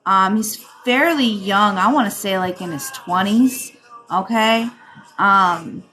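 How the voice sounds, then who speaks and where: A woman with a Rhode Island accent hosting a live stream as a psychic reader. She chats with viewers, calls them darling, and fills pauses with ums. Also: mid-range voice, bright, forceful tone, slight background noise. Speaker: psychic reader and livestream host. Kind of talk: live-stream chat and card reading.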